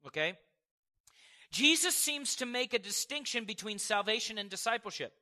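A man in his forties preaching a sermon to a congregation, animated and storytelling, with chuckles and acted-out quotes. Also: sits high, normal speed. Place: church service before a congregation.

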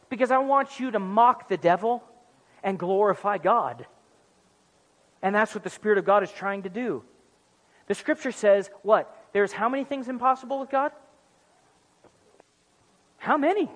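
A man preaching a sermon in a church, animated and acting out little comic dialogues. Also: high voice, moderate pace. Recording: music under voice, long hall reverb.

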